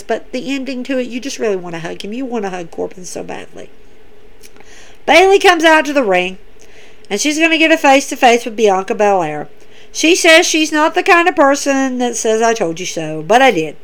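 A woman with a high voice recaps for her podcast in a loose, conversational way. She is emphatic, repeats her points and speaks directly to her listeners. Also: sing-song, fairly quick. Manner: chatty and emphatic, repeats herself, addresses listeners as guys. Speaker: podcast host. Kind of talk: casual wrestling recap.

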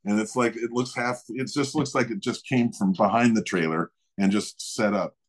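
Middle-aged man telling a lively anecdote. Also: fairly low pitch, normal speed. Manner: animated, acts out others' voices, laughs often. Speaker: guest storyteller. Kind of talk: casual anecdote in conversation.

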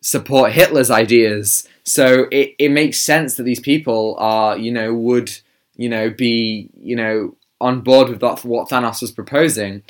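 A man's voice: medium pitch, steady tone, a little slow. A man co-hosting a podcast in casual chat, explaining his views at length with some fillers. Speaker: podcast co-host.

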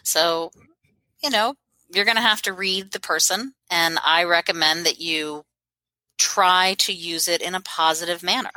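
An encouraging female counselor giving practical advice. Her voice is lowish but bright and forceful, recorded dry and close. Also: unhurried, no echo, rough recording. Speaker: guest, mental health counselor. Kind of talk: interview answers.

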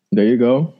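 A man's voice: medium pitch, dark tone, slightly rough, lo-fi sound. A man co-hosting a podcast in casual live-watch chat, wisecracking and laughing often. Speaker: podcast co-host.

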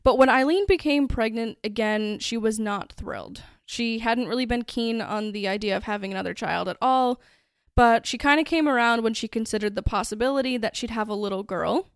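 Woman, podcast host, fairly high voice, casual storytelling, dry sound. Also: brisk, smooth, no room sound. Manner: chatty, conversational storytelling. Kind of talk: casual true-crime podcast narration.

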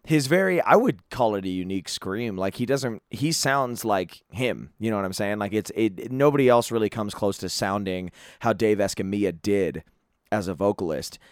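A man's voice: lowish voice, moderate pace, no echo, studio quality. A man hosting a solo podcast, reviewing an album in a rambling, casual way with lots of fillers and free swearing. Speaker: podcast host.

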